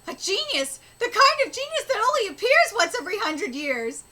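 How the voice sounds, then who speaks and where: High lively woman reacting to a manga live, swears a lot, trips over words, hissy background. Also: moderate pace, rough recording. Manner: excitable, swears, stammers and restarts. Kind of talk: live reaction with reading aloud. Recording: steady background noise.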